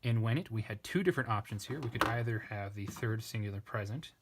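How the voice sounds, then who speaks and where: A man's voice: fairly low pitch, quick pace, very noisy. A man tutoring a parsing lesson, working step by step, thinking aloud and correcting himself as he goes. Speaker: language tutor.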